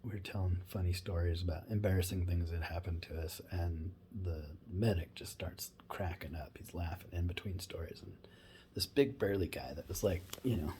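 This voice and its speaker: A man's voice: deep voice, moderate pace, mellow, a little hiss or hum. A former wildland firefighter, a man, tells a funny story in a laid-back, rambling way with many asides. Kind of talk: casual humorous storytelling.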